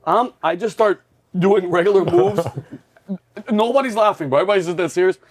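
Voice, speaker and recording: Comedian host, male, raised-pitch voice, loud animated storyteller. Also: a little fast, faint music behind. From New York. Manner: loud, excitable, acts out yelling drill instructors.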